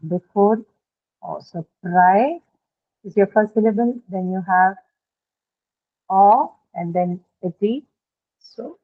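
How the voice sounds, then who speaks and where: A woman teaching an English class, explaining patiently and checking in with her students. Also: fairly low pitch. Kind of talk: classroom lecture on word stress. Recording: phone-like lo-fi classroom audio.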